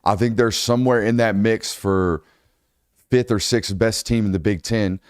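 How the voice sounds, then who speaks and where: A man hosting a casual sports talk show, energetic and quick in banter. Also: lowish voice, clean tone, no echo, clean studio sound. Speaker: show host.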